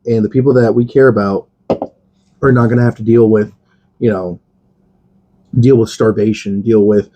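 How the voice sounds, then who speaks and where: A man's voice: fairly low pitch, steady tone, normal speed, pauses often, lo-fi sound. A man co-hosting a podcast, talking in a rambling, profane, laid-back way and laughing often. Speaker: podcast co-host. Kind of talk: casual chat.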